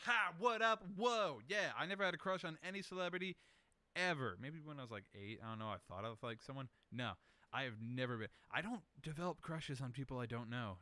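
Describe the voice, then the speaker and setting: Young male host, bright voice, dry close sound, casual rambling Q&A, swears freely, jokes at his own expense. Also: medium pitch, no room sound. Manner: rambling, profane, self-mocking. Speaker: podcast host answering questions. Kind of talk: casual solo chat.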